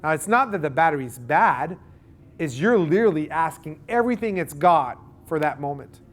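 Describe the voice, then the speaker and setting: Animated Canadian man giving a seminar. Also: on the high side, normal speed. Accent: Canadian English. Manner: animated, uses everyday analogies and acted-out dialogue. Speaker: seminar presenter. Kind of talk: live boat show seminar talk. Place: boat show seminar room.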